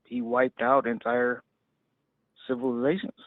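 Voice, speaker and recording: A man's voice: mid-range voice, level tone, unhurried, no room sound. A male caller from Arizona, a military veteran, talking hesitantly with stammers and nervous laughs. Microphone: phone call. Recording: tinny dry phone line.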